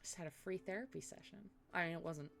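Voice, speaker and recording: A woman's voice: lowish voice, quick pace, vocal fry, a bit bright, faint music behind. A woman from Eastern Europe chatting casually between role-play bits, blunt and self-mocking, swearing freely. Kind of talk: casual chat.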